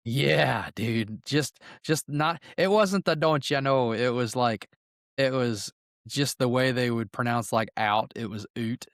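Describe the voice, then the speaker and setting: A man from northwest Ohio who talks with a Southern US accent and a middle pitch. He speaks bluntly, swearing freely and breaking into laughing asides in casual podcast chat. His voice sounds dry and close. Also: slow, gravelly, no room sound. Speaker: podcast co-host.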